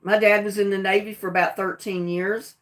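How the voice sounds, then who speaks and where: A woman's voice: medium pitch, flat delivery, a little fast. A middle-aged woman with a Southern US accent, talking plainly and defiantly on her own livestream. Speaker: livestream host. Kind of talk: casual livestream talk.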